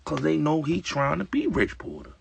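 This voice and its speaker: Pitched fairly high and swooping wildly, a man's gravelly, raspy voice carries a casual opinionated monologue on his own show at a moderate pace. He's emphatic and streetwise, repeating himself and using lots of fillers.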